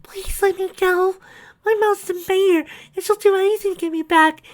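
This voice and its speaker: A man voicing a terrified kidnapped young girl in a high, breathy falsetto, begging. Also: fairly even intonation, moderate pace. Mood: pleading.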